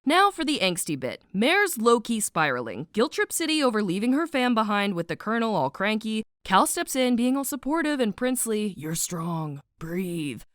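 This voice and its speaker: A woman's voice: fairly high pitch, very animated, fairly quick, hardly any pauses, a bit bright, no echo, clean studio sound. A young woman narrating a playful, slangy, dramatic book recap. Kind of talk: casual animated book recap.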